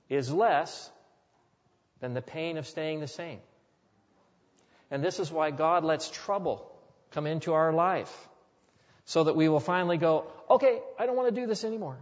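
A man preaches with earnest conviction, building to emphatic repetition as he drives each point home. His voice sits a little high for a man. The recording is dull and lo-fi, with a long reverb trailing off each phrase. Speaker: pastor. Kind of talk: sermon.

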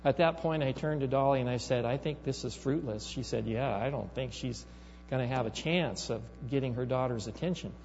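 A man's voice: medium pitch, brisk, a little mellow. A male pastor preaching a sermon, telling a story and building to emphatic rises. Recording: reverberant hall, dull sound, mains hum.

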